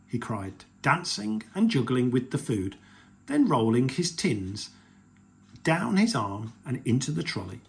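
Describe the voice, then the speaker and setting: Slow, expressive man reading aloud. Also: medium pitch, vocal fry. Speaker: storyteller reading to children. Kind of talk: picture-book read-aloud.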